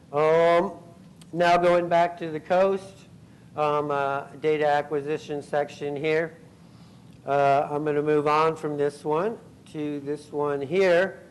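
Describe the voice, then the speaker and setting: A man giving a scientific conference talk, pausing often with ums and uhs and clearing his throat. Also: fairly high pitch, flat delivery, poor audio. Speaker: conference speaker. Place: convention center hall.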